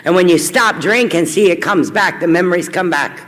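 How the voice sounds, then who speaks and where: A woman's voice: lowish voice, fairly quick, faint music behind. Woman, middle-aged, frank, self-mocking, personal testimony, long hall echo. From Kentucky. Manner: candid, blunt, self-deprecating humor. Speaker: recovery meeting speaker. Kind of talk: personal testimony talk to a crowd. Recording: reverberant hall.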